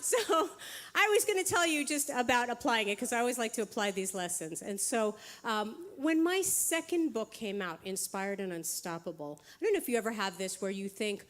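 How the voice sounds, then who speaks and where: A woman with a slightly raised pitch speaks to a live audience at a spiritual center. She tells stories with lots of animation and frequent laughter, poking fun at herself. She keeps checking in with the crowd between rapid bursts of words. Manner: animated storytelling, laughs often, self-mocking. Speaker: motivational speaker. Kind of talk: inspirational talk to a live audience.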